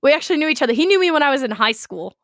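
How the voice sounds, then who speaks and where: A woman's voice: high-pitched, sing-song, very fast, fairly bright tone, dry recording, studio quality. A young Canadian woman, a streamer, chatting as a podcast guest in a teasing, joking way. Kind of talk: casual chat.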